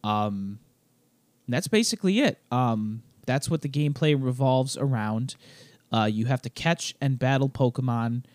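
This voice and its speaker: A man co-hosting a casual podcast chat while a little sick, clearing his throat, explaining things wryly with lots of fillers. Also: medium pitch, lively intonation, measured pace, dry recording. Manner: chatty, wry, explains game at length with many fillers. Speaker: podcast co-host.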